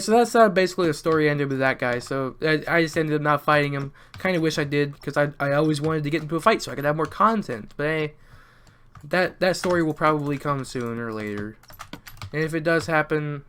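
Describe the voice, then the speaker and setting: Teen guy rambling school stories over a game, lots of restarts, kinda high voice. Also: a bit bright, smooth. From US South. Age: teens. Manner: rambling, joking, restarts a lot, mutters at the game. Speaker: YouTuber. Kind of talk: storytime commentary over gameplay.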